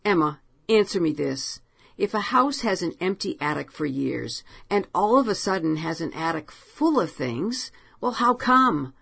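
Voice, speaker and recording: A woman's voice: fairly low pitch, expressive, unhurried, creaky, a bit bright, breathy edge, full character voice. A woman voicing a frightened woman alone at night, tense and curt with a wry edge.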